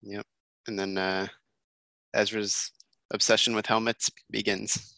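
A man co-hosting a podcast in relaxed, agreeable casual chat. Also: fairly low pitch, a little slow, vocal fry, no room sound. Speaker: podcast co-host.

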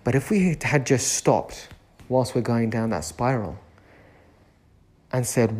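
A man gives a reflective self-help talk drawn from running a nursery. He speaks at an unhurried, very slow pace. He leans on repetition and lingers over each word. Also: medium pitch, darkish tone. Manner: deliberate, repeats key phrases, lingers on words. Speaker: nursery owner giving a motivational talk.

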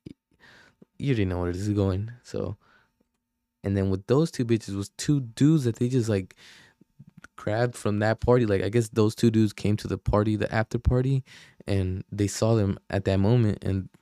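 A man's voice: lowish voice, moderate pace, dark tone, no echo, studio quality. A young man from Oakland, hosting a podcast and telling a rambling, profane story full of slang and fillers. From Oakland, California. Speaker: podcast host. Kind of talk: casual storytelling.

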